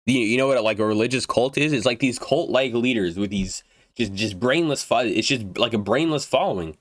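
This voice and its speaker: A man's voice: mid-range voice, a little fast, dry recording. A young man ranting about video games, blunt and profane, stumbling and restarting his words, his throat going dry. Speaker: gaming YouTuber. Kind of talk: unedited rant to camera.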